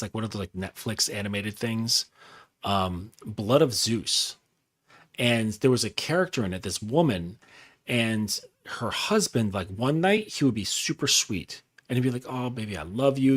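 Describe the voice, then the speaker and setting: A man's voice: mid-range voice, fairly bright tone. A man giving a casual coaching monologue, talking loosely with lots of fillers and swearing. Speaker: dating and masculinity coach.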